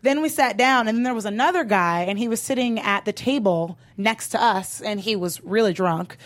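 A woman co-hosting a live show, telling funny stories in a lively, profane way and laughing as she goes. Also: mid-range voice, normal speed. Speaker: podcast co-host. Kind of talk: live comedic storytelling.

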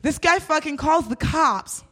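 A young woman casually telling a story, animated and swearing as she acts out the people in it. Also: high voice, a little slow. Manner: animated, swearing, acts out voices in her stories.

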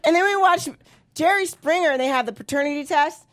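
A woman's voice: high voice, a little fast, fairly bright tone. A woman in her thirties doing stand-up comedy with blunt, profane, punchy delivery. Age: 30s.

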